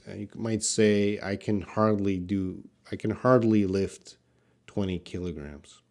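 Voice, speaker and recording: Slow, patient male English teacher. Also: fairly low pitch, fairly even intonation, a little mellow. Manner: slow, repeats words for learners, answers chat. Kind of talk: live-stream pronunciation lesson.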